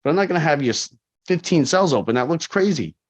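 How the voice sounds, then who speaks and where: A man in his forties, a corrections officer, telling stories in a casual interview, animated and full of fillers. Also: a little high, quick pace. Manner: animated, acts out quoted people, frequent fillers. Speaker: corrections officer, podcast guest. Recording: dull lo-fi podcast audio.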